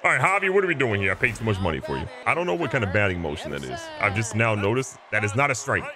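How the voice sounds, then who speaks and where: A man giving casual, excitable gameplay commentary, joking at himself and talking to his players. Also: lowish voice, rapid-fire, a crowd in the background. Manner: excitable, self-mocking, talks to the players. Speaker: gaming video host.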